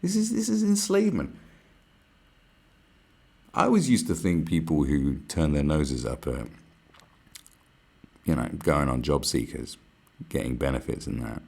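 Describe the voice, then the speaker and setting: A man hosting a podcast, delivering a profane, animated ranting monologue and mocking other people's voices. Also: a bass voice, moderate pace, vocal fry, long pauses, husky. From United Kingdom. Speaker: podcast host.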